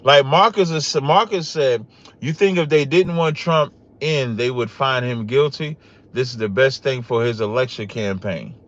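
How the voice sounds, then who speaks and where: A man's voice: medium pitch, unhurried. Guy ranting on his livestream, keeps saying y'all, voice jumps up when he gets worked up, kinda muffled audio. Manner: animated, rising emphatic outbursts, addresses viewers as y'all. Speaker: podcast host. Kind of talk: casual livestream talk to chat.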